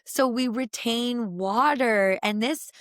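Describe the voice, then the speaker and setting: A woman who is a podcast guest, explaining ideas in an animated, expressive conversational way. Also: fairly high pitch, slow pace, no echo, studio quality. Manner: animated and expressive, with gasps and laughs.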